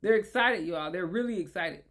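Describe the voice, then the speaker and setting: A woman reading scripture aloud and commenting on it in a chatty, animated way, rephrasing often and talking directly to her listeners. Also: fairly low pitch, fairly quick. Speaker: Bible teacher. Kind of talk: casual Bible study commentary.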